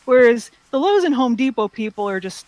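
Relaxed woman in a dry room. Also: a little high, brisk, dry recording. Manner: relaxed, storytelling with asides. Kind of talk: casual chat about cosplay.

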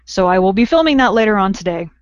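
A woman's voice: medium pitch, lively intonation, fast talker, no room sound, highs cut off. A woman hosting a casual podcast in an upbeat, chatty way. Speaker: podcast host.

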